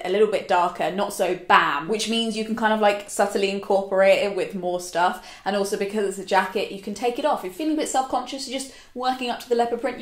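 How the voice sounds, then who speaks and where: A young woman chatting casually in a fashion vlog, playful and self-mocking. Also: mid-range voice. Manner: playful, self-mocking, breaks into laughs and sung snippets. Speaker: fashion vlogger.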